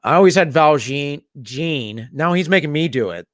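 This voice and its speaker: A man's voice: on the high side, expressive, a little fast, fairly bright tone, no echo. A man hosting a loose, jokey chat, his voice rising and falling a lot as he reads messages from the chat. The sound is dry and close to the mic, with no room around it. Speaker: podcast host. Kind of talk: casual chat reading viewer messages.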